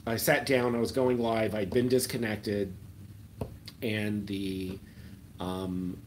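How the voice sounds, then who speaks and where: A man's voice: lowish voice, level tone, slow, slight background noise. A man chatting casually on a live stream and answering viewer comments, rambling with ums and letting his sentences trail off into a mumble. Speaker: slot-machine YouTuber hosting a live chat.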